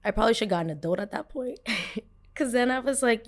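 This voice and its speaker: A young woman hosting a podcast, telling a story casually and acting out the people she quotes with a raised voice. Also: brisk. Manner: animated, acts out quotes with raised pitch. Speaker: podcast host.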